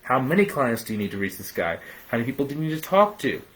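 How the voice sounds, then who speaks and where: A young man hosts a live business training in a loose, high-energy way, full of "man" and "dude". He slips into quick little voices to act out clients haggling. His pitch sits in a middle range for a man. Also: big pitch swings, a bit bright, a little hiss or hum, low-quality recording. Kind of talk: live-streamed coaching talk.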